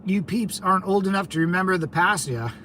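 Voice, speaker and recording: A man hosting a casual livestream, answering chat in a brash, combative and mocking way, with loud outbursts. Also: high-pitched, moderate pace, a little hiss or hum, low-quality recording. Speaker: channel host reading live chat.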